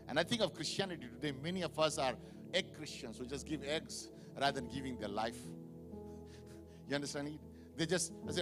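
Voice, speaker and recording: A male pastor preaching a sermon to a live congregation, building from quiet reflection to loud, fervent exhortation. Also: fairly high pitch, animated, quick pace, music in the background. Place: church sanctuary with live congregation.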